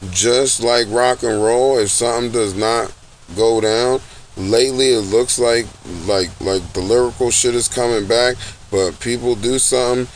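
Profane, ranting man with a lowish voice. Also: a little hiss or hum. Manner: blunt, profane, repetitive ranting. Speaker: podcaster. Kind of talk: casual commentary. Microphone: low-end home recording setup.

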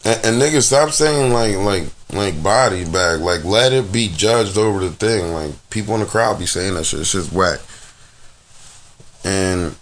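A man's voice: low-pitched, measured pace, slight background noise. A man hosting a casual podcast, giving blunt, profane, rambling commentary full of fillers and restarts. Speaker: podcast host reviewing rap battles.

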